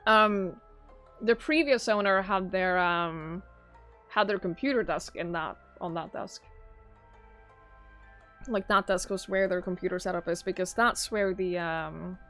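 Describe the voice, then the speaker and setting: A woman's voice: fairly low pitch, measured pace, pauses often, a bit bright. A young Norwegian woman streaming live and chatting with her viewers in a rambling, easygoing way, often laughing. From southern Norway. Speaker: livestreamer. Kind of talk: casual chat with viewers. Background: faint background music.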